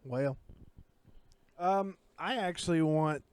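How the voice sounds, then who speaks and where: A man's voice: on the high side, slow, clear, resonant tone, dry recording. A young man co-hosting a podcast in casual chat. He speaks bluntly and outspokenly and rants at times. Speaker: podcast co-host.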